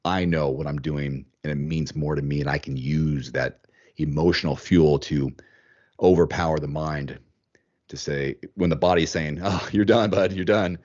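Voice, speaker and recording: A man hosting a podcast in casual chat, animated, thinking aloud and repeating words as he goes. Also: rumbling low, moderate pace, dull audio. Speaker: podcast host.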